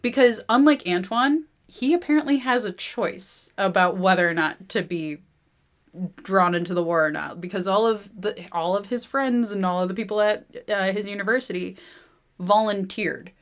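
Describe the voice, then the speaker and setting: A woman's voice: mid-range voice, normal speed. Chatty woman podcast host. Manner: animated retelling, heavy use of "like". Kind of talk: reading a novel aloud and casual book chat.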